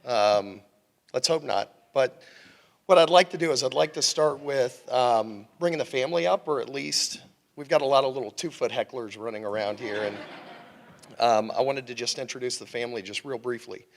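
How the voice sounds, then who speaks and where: A man's voice: mid-range voice, normal speed, vocal fry. A man speaking at a family dedication, emotional and chatty as he introduces his relatives. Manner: emotional, warm-hearted, loose and chatty. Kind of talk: informal ceremony remarks, introducing family. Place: ceremony venue with family and children. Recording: crowd chatter and noise at a live event.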